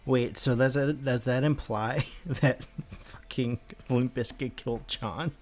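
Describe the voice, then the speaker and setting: A young man with a gravelly voice co-hosting a live stream, chatting casually and laughing often while he works. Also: mid-range voice, fairly even intonation, a little slow, a little mellow, faint music behind. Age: young adult. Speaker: stream co-host. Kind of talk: casual chat while writing.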